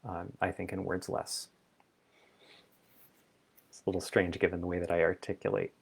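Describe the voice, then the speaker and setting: A man's voice: low voice, little pitch movement, normal speed, gravelly, husky. A man hosting a reflective solo talk, thinking aloud in an exploratory, playful way. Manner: thoughtful, exploratory, playful asides. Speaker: vlog host.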